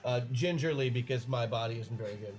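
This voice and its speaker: A man's voice: mid-range voice, fast, a little mellow, poor audio. A man playing a tabletop game, asking questions and joking. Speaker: player. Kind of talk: tabletop role-play.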